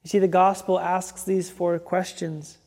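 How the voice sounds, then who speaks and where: Gravelly, flat-toned preacher in a hall. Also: medium pitch, a little slow. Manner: emphatic with rhythmic repetition. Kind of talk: sermon.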